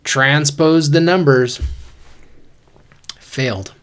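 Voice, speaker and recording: A man's voice: a little high, very slow, fairly bright tone, smooth. A man in his forties, co-hosting a podcast in casual chat, telling stories in a laid-back way and calling his friends dude and bro. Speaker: podcast co-host.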